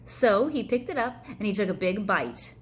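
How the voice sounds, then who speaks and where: A woman reads a picture book aloud to children in a sing-song, medium-pitched voice at a moderate pace. She playfully makes the sound effects and chats about the pictures as the storyteller.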